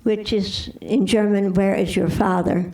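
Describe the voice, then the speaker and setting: An older woman telling her personal testimony as an interview guest, halting with restarts and repeats. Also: medium pitch, steady tone, dark tone, distant mic, low-quality recording.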